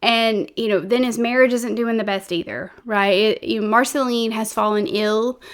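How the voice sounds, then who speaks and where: A woman's voice: a little high, steady tone, moderate pace. A woman, hosting a true crime channel and telling the story in a chatty, rambling way full of fillers and restarts. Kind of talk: casual storytelling monologue.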